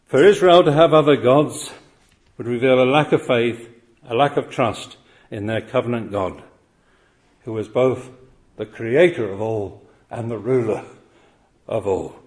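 A man's voice: mid-range voice, a little slow, long pauses, a little mellow. A man preaching a sermon, earnest and emphatic, often pressing his point with rhetorical questions.

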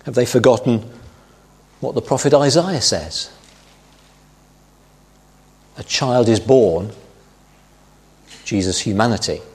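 A middle-aged man preaching a sermon, teaching through scripture in a measured way and quoting verses with emphasis. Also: mid-range voice, slightly rough.

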